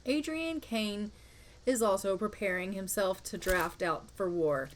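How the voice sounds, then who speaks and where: A woman's voice: mid-range voice, unhurried, a little hiss or hum. Chatty woman narrating gameplay. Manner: chatty, acts out characters. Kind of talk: casual game commentary.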